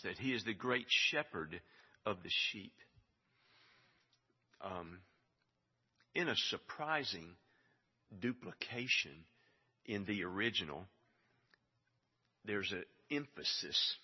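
A man's voice: fairly low pitch, expressive, slow, pauses often, husky. A man preaching a sermon, emphatic and building to stressed repeated phrases. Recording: dull sound with long hall reverb.

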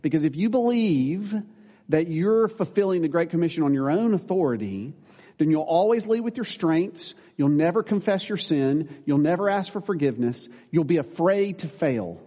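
Earnest preacher in a reverberant hall. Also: male voice, a little high, lively intonation, moderate pace. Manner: earnest, self-deprecating asides, occasional corrections. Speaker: pastor. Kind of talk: sermon. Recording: dull sound with long reverb in a large room.

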